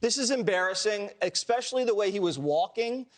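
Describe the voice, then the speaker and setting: A man's voice: high-pitched, animated, a little fast. A man co-hosting a TV panel show, talking in a sarcastic, mocking way. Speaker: panel co-host. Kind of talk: opinionated panel talk. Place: TV studio.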